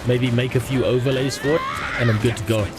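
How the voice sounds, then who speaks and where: A young man chats casually while streaming a game, rambling from topic to topic. His jokes are crude and delivered deadpan. His voice is mid-pitched, with a faint hum in the background. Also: quick pace. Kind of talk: casual chat while gaming.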